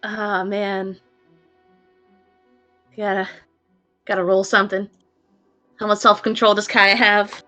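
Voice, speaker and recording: A woman's voice: medium pitch, level tone, slow, long pauses, pushed and bright, faint music behind. A woman playing in a tabletop role-play, speaking in an emotional way and swearing freely. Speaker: player.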